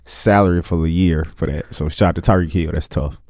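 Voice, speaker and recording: A man's voice: low voice, steady tone, a little fast, darkish tone, no room sound. A man co-hosting a casual sports podcast, speaking emphatically. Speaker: podcast co-host.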